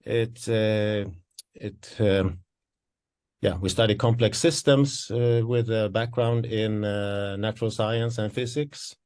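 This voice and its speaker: A man with a fairly low voice presents university programmes in an online webinar. He sounds a little winded and explains in a hesitant, searching way. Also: fairly even intonation, takes it slowly, darkish tone, clear, resonant tone. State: out of breath. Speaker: associate professor presenting programmes.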